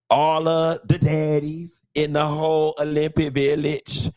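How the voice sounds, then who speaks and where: A man hosting a live show, talking in a flamboyant, sassy way with drawn-out endearments and playful, dramatic rambling. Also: fairly high pitch, little pitch movement, a little mellow. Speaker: host. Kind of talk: live-stream commentary.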